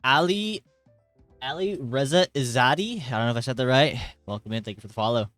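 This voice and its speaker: A young man live-streaming from his hot bedroom, chatting casually and reading chat aloud, rambling and jokey with sudden loud greetings, and a little tired. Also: medium pitch, expressive, brisk, dry recording, soft background music. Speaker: livestreamer.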